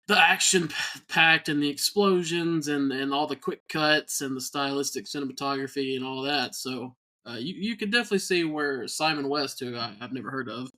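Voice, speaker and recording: Man, podcast host, bright forceful voice, animated, laughing. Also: mid-range voice. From American South. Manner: animated, laughs often, quick restarts. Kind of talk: casual movie podcast chat.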